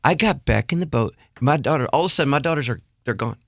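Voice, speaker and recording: A middle-aged man, a guest songwriter and worship leader, telling an animated, self-deprecating story with frequent restarts. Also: medium pitch, quick pace, creaky, dry recording, clean studio sound.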